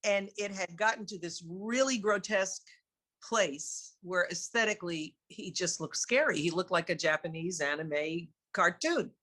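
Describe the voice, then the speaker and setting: A woman with a New York accent talks as an interview guest, candid and lively. Her voice is bright and ringing. She laughs often as she tells her stories. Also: lowish voice, measured pace. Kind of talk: casual storytelling in an interview.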